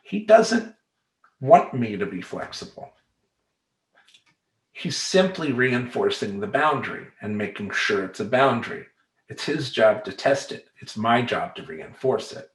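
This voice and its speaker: A man's voice: medium pitch, very animated, unhurried, a bit bright. A middle-aged man coaching in a casual, emphatic vlog monologue full of streetwise slang. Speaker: life coach. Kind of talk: talking-head vlog monologue. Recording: roomy echoey room.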